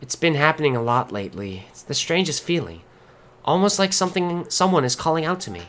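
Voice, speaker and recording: A man reading aloud the lines of a cheerful, earnest young girl companion from a game, in a gentle, encouraging way. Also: a little high, very animated, brisk, slight background noise, pitched above the performer's own voice. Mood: wistful.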